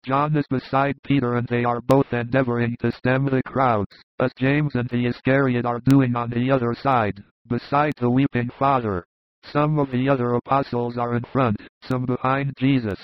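Measured male audiobook narrator. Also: mid-range voice, little pitch movement, no room sound. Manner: measured, descriptive. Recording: dull lo-fi recording.

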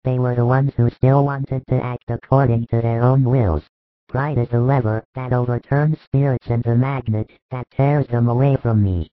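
A man playing a calm patient spiritual master. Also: mid-range voice, no echo, lightly acted. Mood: calm teaching. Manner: measured, calm, instructive. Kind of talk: dramatized religious reading. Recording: tinny phone-like dry recording.

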